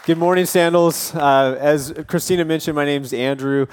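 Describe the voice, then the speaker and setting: Smooth-voiced man preaching a sermon. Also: on the high side, steady tone, normal speed, some chatter behind. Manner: casual, earnest storytelling with self-deprecating humor. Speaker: campus pastor. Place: church auditorium.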